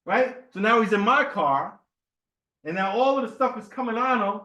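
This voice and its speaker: Man, temple speaker, high voice, loose storytelling sermon, roomy hall sound. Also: lively intonation, normal speed, sharp tone, lo-fi sound. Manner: conversational, storytelling, asks the room "right?". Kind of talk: informal sermon talk.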